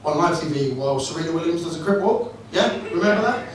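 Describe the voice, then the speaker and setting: This stand-up comic speaks quickly in a fairly high voice with lively intonation, serving up crude, expletive-laden jokes in a wry storytelling manner. He's performing indoors in a club room, and the recording is noisy and echoey from a distant mic.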